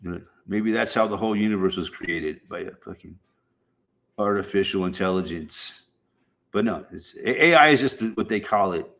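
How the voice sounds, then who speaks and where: A man's voice: deep voice, normal speed, gravelly, a bit bright. A man streaming, chatting casually in a rambling, profane way with frequent fillers. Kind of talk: casual chat.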